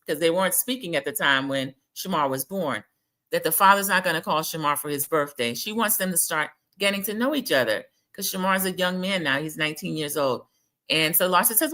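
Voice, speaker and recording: A woman's voice: fairly low pitch, moderate pace, pushed and bright. A woman hosting a casual, gossipy recap of a reality TV episode, talking straight to her viewers. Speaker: TV recap host.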